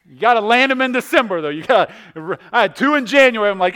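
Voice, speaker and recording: High-voiced, smooth-toned man preaching a sermon. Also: lively intonation, quick pace. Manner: dynamic, swings between loud emphatic and hushed delivery; often repeats words and restarts. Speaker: pastor.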